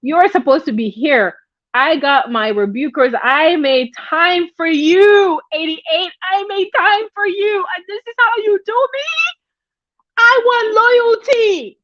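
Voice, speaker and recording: A woman mocking a demanding female streamer who insists on loyalty, in a shrill, wailing voice. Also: takes it slowly, a bit bright, lo-fi sound, full character voice. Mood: indignant.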